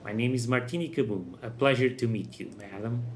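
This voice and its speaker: A man's voice: mid-range voice, a little fast, a little hiss or hum, lightly acted. Man reading a courteous half-orc heroine. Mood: polite. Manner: formal, courteous.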